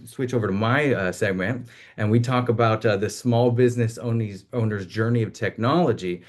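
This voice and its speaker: Guy hosting a business seminar, lowish voice, lots of ums, measured. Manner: measured, with frequent fillers. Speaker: host.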